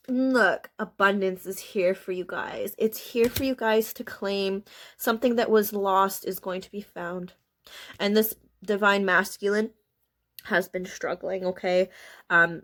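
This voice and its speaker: A woman's voice: mid-range voice, gravelly, a bit bright. A woman giving a casual spiritual card reading to her viewers, chatty and emotional, laughing often as she talks. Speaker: tarot card reader.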